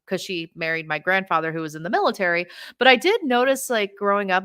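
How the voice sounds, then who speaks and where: A woman's voice: lowish voice, sharp tone, clear, resonant tone, no echo. A woman hosting a casual interview over a video call, friendly and rambling, with frequent restarts. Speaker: interview host.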